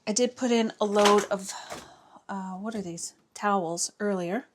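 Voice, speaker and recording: Her mid-range voice comes at an unhurried pace, with slight background noise behind it. A housewife and vlogger, she rambles and teases herself while cleaning her home and yard, captured by a camera mic.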